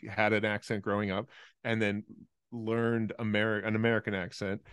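A man's voice: fairly low pitch, little pitch movement, moderate pace, fairly bright tone, clean tone, no echo, clean studio sound. A man in his thirties, a guest comedian chatting casually on a podcast in a laid-back, rambling way.

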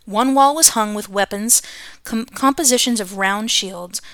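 A woman's voice: mid-range voice, a little slow, fairly bright tone, no room sound. A woman host reading a book aloud on her podcast, chatty and self-correcting, laughing at her own slips.

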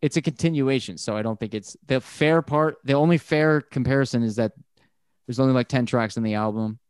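A man rambles through casual talk about a favorite band, swearing freely and speeding up when he gets worked up. His voice is smooth and resonant. It sits close and dry, with no room sound. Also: medium pitch, fairly quick, no room sound. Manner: rambling, profane, animated when excited. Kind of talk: casual music chat.

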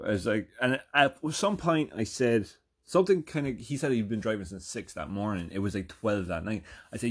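This casual anecdote comes from an Irish man in his thirties whose voice is brisk and on the low side. The story wanders, he curses freely, and he frequently tosses in "right?"

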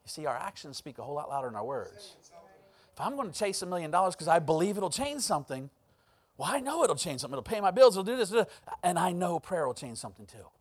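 A man's voice: on the high side, big pitch swings, fast talker, breathy edge. A man preaching a sermon as pastor, telling a personal story and acting out the voices in it. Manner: storytelling, acts out quoted voices.

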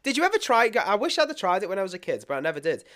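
A man's voice: high voice, wildly swooping pitch, very fast, a bit bright. A young British man co-hosting a podcast, telling stories in casual chat, swearing freely, laughing often and acting out his own thoughts. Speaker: podcast co-host.

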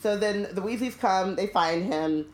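A woman's voice: mid-range voice, a little slow, echoey room. A woman co-hosting a book podcast, chatty and blunt, with lots of "like". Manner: chatty, uses "like" a lot, blunt jokes. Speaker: podcast co-host. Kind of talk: casual book discussion.

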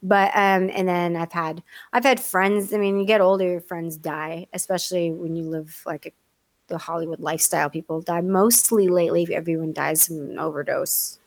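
A middle-aged woman in casual talk, telling stories with big swings of pitch and acting out every voice in them. The sound is dry and close, with no room around it. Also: normal speed, no echo. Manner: animated storyteller, acts out quoted voices, laughs often. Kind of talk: casual chat.

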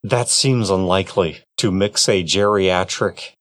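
A man playing a character in a tabletop game, speaking in a formal, flat and literal way. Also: low-pitched, measured pace, no echo. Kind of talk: in-character role-play.

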